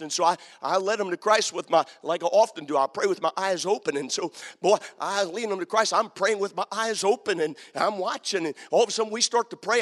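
A man preaching a sermon, telling a story that builds into fervent shouting. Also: high voice, big-room sound.

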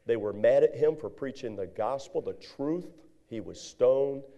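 A middle-aged male preacher telling a story in a sermon, animated, with sudden high outbursts. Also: unhurried.

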